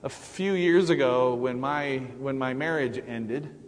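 A middle-aged man speaks from the pulpit of a church, his mid-pitched voice trailing into a long, ringing hall reverb. He talks in halting, searching phrases full of restarts and small fillers. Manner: halting, many restarts and fillers, warm laughs. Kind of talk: Mother's Day sermon. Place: church sanctuary.

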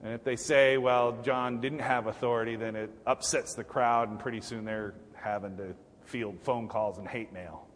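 A male pastor preaching a sermon in a relaxed, humorous, conversational way, often restarting his sentences. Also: on the low side, normal speed, in a large hall. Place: church sanctuary.

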